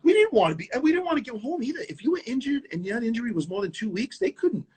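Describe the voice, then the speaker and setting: A man with a New York accent, a tap dancer telling stories in a casual interview, animated and repeating words as he goes, on a video call. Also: very high-pitched, fast.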